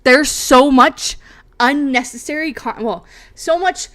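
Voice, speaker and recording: Speaking slowly in a high-pitched, somewhat bright voice, a young woman chats loosely with her livestream audience. She swears a lot and keeps capping her sentences with "bro" or "okay?"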